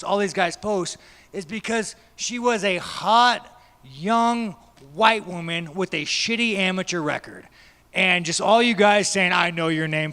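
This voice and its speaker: A fighter at a media day gives blunt, profane, rambling answers to reporters in a press scrum. His voice is high and fairly bright, echoing in a large hall.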